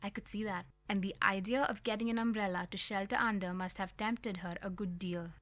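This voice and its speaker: A woman reading a storybook aloud on community radio, telling it in an expressive, lively way. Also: mid-range voice, brisk, dry recording. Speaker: story reader.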